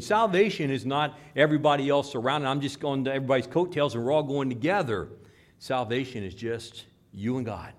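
Man, pastor, Midwestern accent, sermon, soft-to-loud emphasis. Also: medium pitch. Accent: Midwestern American.

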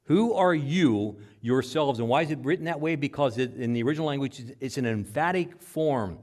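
Male preacher, sermon delivery; emphatic, loud peaks falling to low, quiet stretches. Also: lively intonation, a little fast, few pauses. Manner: emphatic, rises loud then drops low.

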